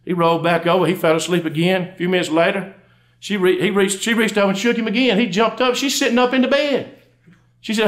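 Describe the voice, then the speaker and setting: A man's voice: sits high, fairly bright tone. A middle-aged man with a Southern US accent telling folksy jokes live on stage, a country undertaker acting out both sides of each dialogue. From Georgia, USA. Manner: folksy drawl, quick storytelling, acts out both spouses in dialogue. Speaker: comedian and undertaker. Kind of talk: live stand-up storytelling. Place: live stage before an audience.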